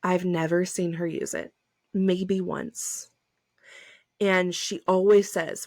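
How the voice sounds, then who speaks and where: A woman's voice: mid-range voice, moderate pace, no room sound, studio quality. A woman in her thirties hosting a solo podcast, talking in a chatty, effusive way, full of "like" fillers and emphatic bursts. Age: 30s. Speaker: podcast host. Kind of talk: casual solo podcast talk.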